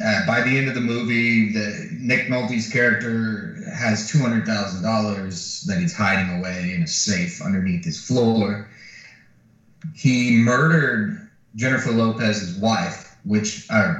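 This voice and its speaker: In a casual podcast chat, a co-host with a lowish voice animatedly narrates a film's plot, cursing freely and performing the quotes. The recording, made far from the mic in a very echoey room, sounds dull.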